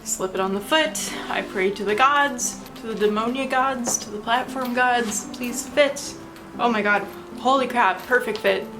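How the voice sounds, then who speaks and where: A young woman vlogging casually in her bedroom, gushing and excitable as she unboxes and tries on shoes. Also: on the high side, measured pace, background noise.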